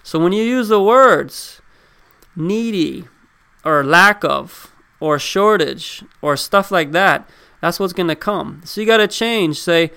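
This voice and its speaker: A man with a high, smooth, resonant voice gives a casual motivational talk. He speaks in a loose, conversational way, asks his listeners questions and repeats key words to hammer his points home. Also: a little slow, pushed and bright. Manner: addresses listeners directly with questions. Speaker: self-help speaker.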